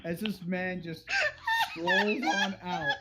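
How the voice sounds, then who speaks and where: A man's voice: high-pitched, wildly swooping pitch, takes it slowly, very noisy. A man narrating as game master, crude and playful, slipping into characters' voices.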